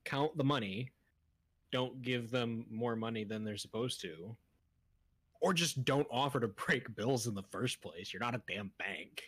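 Young man, husky voice, rambling casual podcast talk, dry close sound. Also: medium pitch, a little slow, fairly bright tone, dry recording. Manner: rambling, trails off mid-thought, frequent laughs. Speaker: podcast co-host.

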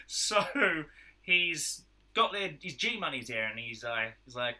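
Bright-voiced man telling a story. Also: medium pitch, slow pace, pauses often. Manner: animated retelling with acted-out quotes. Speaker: podcast host recapping a film. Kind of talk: casual storytelling chat.

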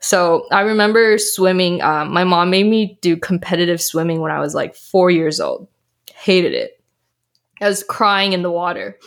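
Young female health coach guest, animated storyteller, lowish voice, casual interview. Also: normal speed, creaky. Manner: animated storyteller, acts out quotes in a higher voice.

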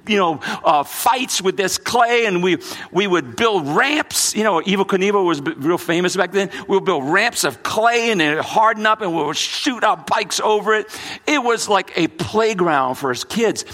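High, animated preacher with a husky voice. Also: male voice, normal speed. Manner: storytelling preacher, swings from lively to hushed. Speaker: pastor. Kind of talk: sermon.

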